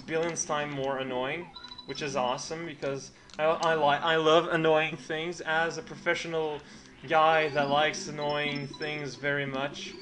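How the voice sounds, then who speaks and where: A man giving casual, rambling commentary while playing a video game, full of jokey mock-formal asides and sudden excited outbursts. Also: a little high. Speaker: let's play commentator. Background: game music.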